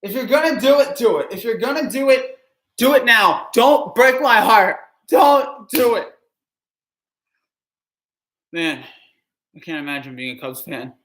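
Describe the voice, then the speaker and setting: A man's voice: extremely high pitch, sing-song, unhurried, long pauses, a bit bright, reverberant. A man reacting live to a ballgame as a fan streamer, anxious and pleading, with heavy sighs.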